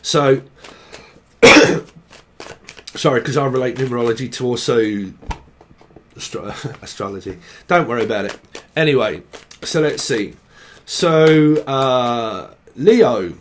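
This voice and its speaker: A man's voice: mid-range voice, lively intonation, measured pace, long pauses, slight background noise. A young man giving a casual tarot reading, rambling and swearing as he thinks aloud. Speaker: tarot reader.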